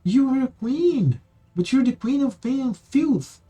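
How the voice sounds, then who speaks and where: Pria memerankan gadis pendeta bersuara mencicit dan memohon. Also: male voice, lively intonation, unhurried, warm tone, breathy edge, full character voice, poor audio. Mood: pleading. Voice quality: squeaky. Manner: pleading, earnest. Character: squeaky young woman preacher, earnest and pleading. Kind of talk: reading game dialogue aloud.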